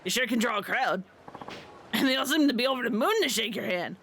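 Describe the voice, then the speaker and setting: A woman's voice: a little high, animated, a little fast, a bit bright, slight background noise. Woman doing a hearty food stall owner. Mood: grateful. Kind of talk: reading game dialogue aloud on a stream.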